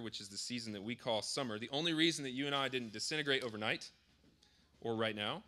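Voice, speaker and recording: A pastor in his thirties delivers a sermon in a very bright, forward voice of medium pitch. He speaks to the congregation conversationally, slipping in frequent fillers and correcting or restating his points as he goes.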